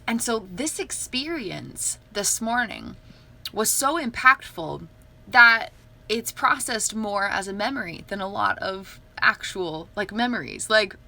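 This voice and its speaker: A woman's voice: mid-range voice, animated, measured pace, vocal fry, sharp tone. A young woman talking casually on a livestream, earnest and upbeat, often laughing. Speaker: livestream host.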